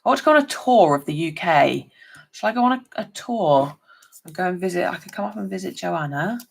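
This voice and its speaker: Gravelly-voiced woman chatting while crafting. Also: on the low side, expressive, fairly quick. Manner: chatty, talks to viewers by name while working. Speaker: papercraft demonstrator. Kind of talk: chatty live craft stream.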